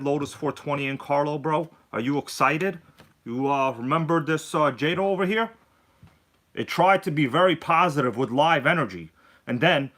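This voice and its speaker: A man hosting a casual live stream, hyped and joking, greeting viewers by name and swinging between loud bursts and low mumbles. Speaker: livestream host.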